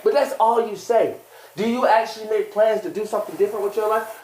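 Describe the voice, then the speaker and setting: A young man arguing angrily and profanely with his partner on a live stream, repeating himself and shouting. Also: high voice, fairly quick. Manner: angry, profane, repetitive shouting. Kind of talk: heated argument on a live stream. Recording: echoey room.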